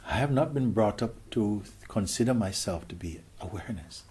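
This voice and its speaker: Soft-spoken mellow man musing aloud. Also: on the low side, expressive, moderate pace, slightly rough. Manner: gentle, questioning, often dropping to a whisper. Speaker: spiritual teacher. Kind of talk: contemplative spiritual talk.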